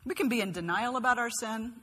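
A woman's voice: a little high, fast talker, a bit bright, slightly rough, long reverb tail. A woman giving a sermon who talks earnestly and keeps asking her listeners questions. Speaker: preacher.

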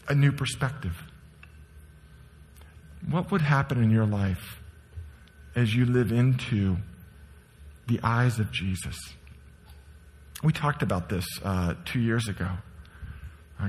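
A middle-aged man preaching a sermon, telling a story with passion and dropping to a hush for quiet moments. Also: medium pitch. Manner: storytelling, impassioned, shifts between hushed and raised. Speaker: pastor. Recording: long hall reverb.

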